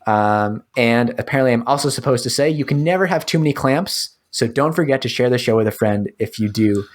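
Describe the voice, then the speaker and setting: Male podcast co-host, easygoing, mid-pitched, casual outro read. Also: brisk. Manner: easygoing, reads show outro. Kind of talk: casual chat.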